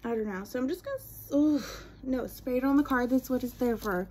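A woman's voice: fairly high pitch, normal speed, vocal fry, a little mellow, a little hiss or hum. A young adult woman vlogger chatting casually through a product unboxing and review, rambling with self-deprecating asides.

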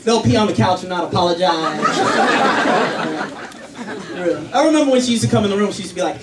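With a high-sitting voice and a quick pace, this comedian riffs animatedly on parenting, slipping into different voices as he chats. The audio comes from a roomy club, picked up by a distant mic over the crowd's noise.

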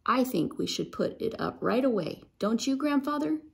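A woman's voice: a little high, expressive, moderate pace, creaky, voice pushed up. A woman reading as an eager young colonial girl. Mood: cheerful.

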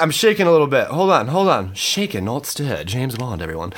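An excitable man hosting a card-opening video, exclaiming often and swinging between loud outbursts and low mutters. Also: fairly quick, few pauses. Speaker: card-opening channel host. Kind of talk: excited unboxing vlog.

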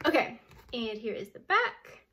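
High-voiced, gushing woman vlogger. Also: a little slow, soft background music. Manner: excitable and gushing, repeating exclamations. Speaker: unboxing vlogger. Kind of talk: casual unboxing vlog.

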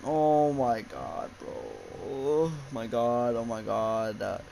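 A man's voice: mid-range voice, slow pace, gravelly, very noisy. A young man giving frightened, swearing commentary while playing a horror game, yelping at scares and muttering nervously to himself. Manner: jumpy, swearing, yelps and exclaims. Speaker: gaming YouTuber.

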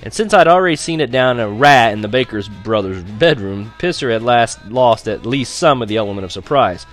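A man's voice: medium pitch, lively intonation, brisk, faint music behind. A man narrating a children's novel in a wry, chuckling storytelling manner. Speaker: audiobook narrator. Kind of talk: scripted narration.

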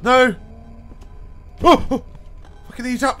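A man's voice: on the high side, lively intonation, measured pace, long pauses. Jumpy, foul-mouthed man. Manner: swears a lot, jumpy, panicky shouts and gasps. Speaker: gaming video host. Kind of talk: horror game commentary. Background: faint game music.

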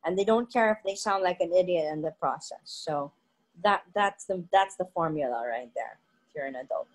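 A woman co-hosting a vlog for English teachers, talking in a relaxed, conversational way and repeating words as she thinks. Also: fairly low pitch, normal speed, rough recording. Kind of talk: casual panel discussion.

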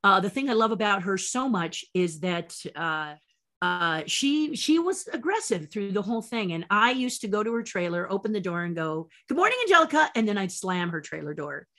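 An older woman guest telling behind-the-scenes anecdotes in an animated way, acting out the voices with big jumps in pitch. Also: moderate pace. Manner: lively storyteller who acts out voices with big jumps in pitch. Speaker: interview guest, former set designer and puppeteer.

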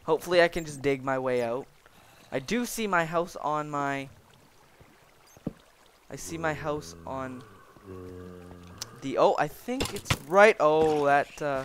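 A young man giving excitable, rambling commentary while playing a block-building game and joking with the creatures he meets. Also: fairly high pitch, a little slow, long pauses, a little hiss or hum. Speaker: gaming video creator. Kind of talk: Minecraft let's play commentary.

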